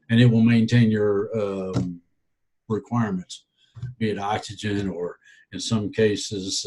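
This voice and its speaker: A man's voice: mid-range voice, dark tone, slightly rough, poor audio. A man giving casual podcast answers, hesitant and rambling with many fillers and a dry, wry humor. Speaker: guest.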